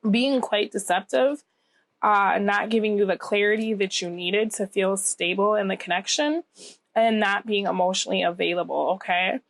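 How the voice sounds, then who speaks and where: In a mid-range voice with no echo, a woman reads tarot casually for the camera. A lingering cold leaves her a little scratchy and nasal; she stays reassuring and frequently checks in with "okay?".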